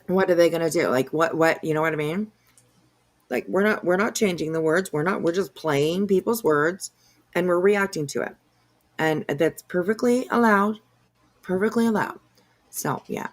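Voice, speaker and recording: A woman's voice: lowish voice, normal speed. Chatty woman hosting a live stream. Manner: chatty, greets viewers. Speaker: stream host. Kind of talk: casual live stream chat.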